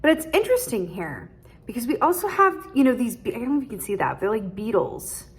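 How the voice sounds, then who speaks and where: A woman's voice: on the high side, sing-song, fast. A woman giving a casual tarot reading straight to her viewers, chatty, laughing often and ending many points with "right?". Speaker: tarot reader.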